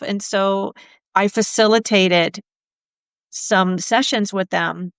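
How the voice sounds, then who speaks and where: A woman's voice: medium pitch, a bit bright, clean tone, no room sound. A middle-aged woman sex therapist telling candid stories in casual conversation, acting out the voices of the people she quotes. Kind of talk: conversational storytelling.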